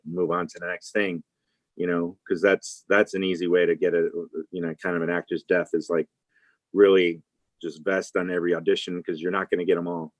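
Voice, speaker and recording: Man, low voice, actor in an interview, rambling, fillers and restarts, dry close sound. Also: no echo, poor audio. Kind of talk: casual interview talk.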